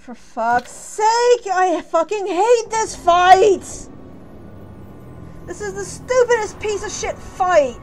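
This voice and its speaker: A woman's voice: very high voice, animated, takes it slowly, rough recording. A woman streaming a video game, ranting angrily and swearing about a fight she keeps losing. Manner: angry profane ranting, loud outbursts. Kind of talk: live gameplay commentary. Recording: game music under the voice. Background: game music.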